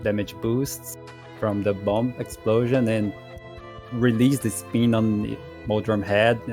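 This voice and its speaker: A man telling a story about his race in a halting way, repeating words and chuckling. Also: lowish voice, little pitch movement, darkish tone, soft background music. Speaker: racer being interviewed. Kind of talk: casual post-race interview.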